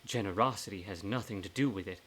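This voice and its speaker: A man's voice: on the low side, quick pace, a bit bright. Male reader doing a blunt, motherly old ghost lady, put-on accent, horror audiobook. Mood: scolding. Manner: put-on accent, scolding and teasing. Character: elderly woman ghost, warm, blunt, motherly. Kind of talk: live reading of a horror novel.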